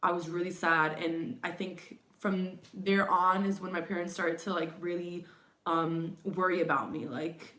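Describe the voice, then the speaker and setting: A woman's voice: lowish voice, steady tone, measured pace, a bit bright. A young woman vlogger telling a personal story in a confessional way, hesitant and repetitive, with many fillers and restarts. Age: young adult. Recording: echoey room.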